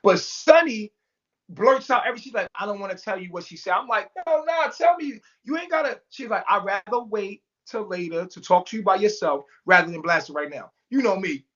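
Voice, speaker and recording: Animated man retelling a wild story. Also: brisk, highs cut off. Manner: animated, acts out quotes with big pitch jumps, swears freely. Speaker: storyteller guest. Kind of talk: casual storytelling on a podcast. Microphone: remote call mic.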